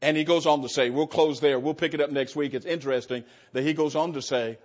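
A man's voice: fairly high pitch, fairly even intonation, fast talker, hardly any pauses. A middle-aged man preaching a conversational Bible-teaching sermon, chuckling often and restarting his phrases as he explains verses. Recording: dull lo-fi sound.

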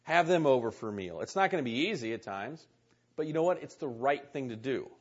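Man preaching a sermon, earnest, husky voice, muffled lo-fi recording. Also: mid-range voice, lively intonation, a little fast. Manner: earnest, repeats key words, reads scripture aloud.

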